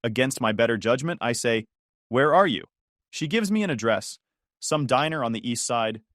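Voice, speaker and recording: Male first-person narrator, blunt and matter-of-fact, lively pitch, dry close recording. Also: moderate pace, dry recording.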